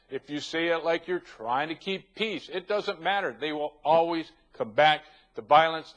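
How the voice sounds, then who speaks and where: A man's voice: fairly high pitch, fairly bright tone, poor audio. A man hosting a talk show, delivering emphatic, ranting commentary and stacking long lists.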